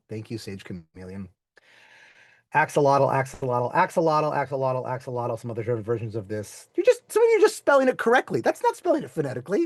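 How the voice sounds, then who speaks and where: A man teaching an online class in a playful, chatty way, his pitch bouncing around as he quizzes the kids. The sound is dry and close, with no room echo. His voice sits in a middle register. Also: sing-song, fairly quick. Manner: playful, chatty, asks students to type in the chat.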